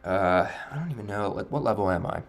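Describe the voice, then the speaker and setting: A man casually commentating his own playthrough of a video game, relaxed and somewhat monotone. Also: fairly low pitch, a little fast, vocal fry. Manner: relaxed, laid-back, self-described monotone. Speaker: gaming channel host. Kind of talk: casual let's-play commentary. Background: faint game music.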